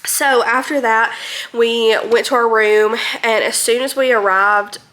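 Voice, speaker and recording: Woman vlogger, bright tone, rambling and friendly filler-heavy delivery. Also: fairly high pitch, steady tone, a little slow. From North Alabama, US. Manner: chatty, many ums and likes. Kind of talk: casual rambling recap.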